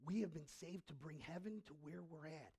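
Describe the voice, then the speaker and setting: A man preaching a sermon as pastor in a church, telling the story dramatically and swinging between loud, emphatic bursts and hushed passages. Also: fairly high pitch, normal speed, gravelly, slightly rough.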